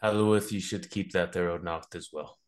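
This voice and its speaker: A man's voice: sits low, fairly even intonation, moderate pace. A man playing a tabletop game in a plain, easygoing way. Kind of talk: casual tabletop play.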